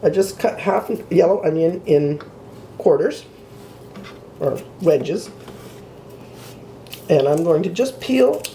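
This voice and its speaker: A woman's voice: lowish voice, dark tone, a little hiss or hum. A woman hosting a casual cooking demonstration in her home kitchen, chatting and joking at her own expense while she works. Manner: chatty and self-deprecating, talks while cooking. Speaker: cooking show host.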